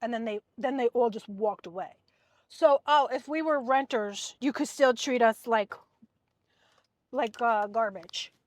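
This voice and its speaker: Animated woman telling a storytime in a car. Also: a little high, a little slow, no echo. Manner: animated, acts out quoted people. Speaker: vlogger. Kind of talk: casual storytime chat.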